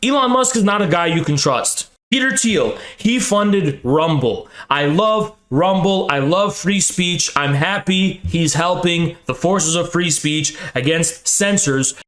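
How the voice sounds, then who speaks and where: A man's voice: on the high side, expressive, measured pace, few pauses, a bit bright, echoey room. A young man hosting a political livestream, ranting heatedly with lots of profanity and sarcastic mockery.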